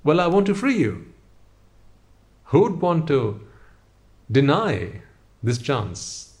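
A man's voice: a little high, huge pitch swings, takes it slowly, darkish tone. A man giving a motivational talk, speaking straight to the listener with a stream of rhetorical questions.

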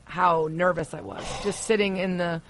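A chatty, expressive host runs a casual interview. The voice has a middling pitch. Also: moderate pace, slight background noise. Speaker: podcast host.

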